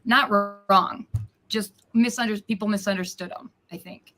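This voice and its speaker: A woman guest on a live stream thinks aloud in loose, halting sentences. Her voice sits mid-range and sounds bright. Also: mid-range voice, fairly even intonation, soft background music. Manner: reflective, searching for words, many fillers. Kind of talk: casual chat.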